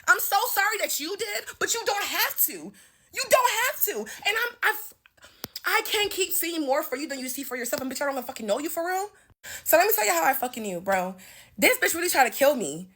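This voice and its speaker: A woman's voice: sits high, expressive, fast talker, fairly bright tone. A woman in her twenties telling a heated, profane story-time rant at home, stuttering as she talks. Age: 20s. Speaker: vlogger. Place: home bathroom, indoors.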